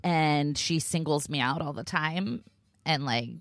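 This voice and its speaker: A woman's voice: sits low, measured pace, no room sound. A young woman co-hosting a podcast, talking in a sarcastic, complaining way and mimicking other people. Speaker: podcast co-host. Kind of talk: casual chat.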